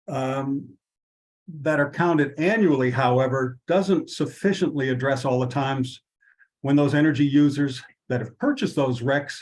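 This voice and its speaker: A man hosting an online workshop, giving measured opening remarks with fillers and restarts. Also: medium pitch, rough recording. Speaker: workshop host.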